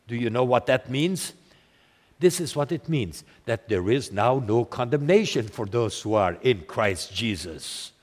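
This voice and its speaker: An older man preaching a sermon, telling a family story slowly and deliberately, building to emphatic points. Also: mid-range voice, expressive. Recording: long hall reverb.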